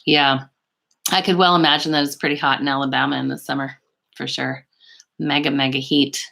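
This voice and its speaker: A woman's voice: very deep voice, little pitch movement, fairly quick, vocal fry, fairly bright tone. A woman hosting a casual beauty livestream from her bedroom on a laptop, chatting with viewers in a rambling, gushing way with little laughs. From Canada. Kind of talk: casual live chat with viewers. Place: home bedroom. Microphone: laptop microphone.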